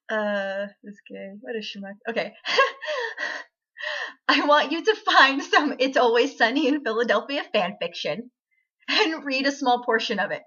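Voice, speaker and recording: A woman's voice: on the high side, bright, forceful tone, husky. A woman in her twenties chatting to camera in a giggly, rambling, self-deprecating way, on dull lo-fi audio. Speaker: vlogger. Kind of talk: casual chat to camera.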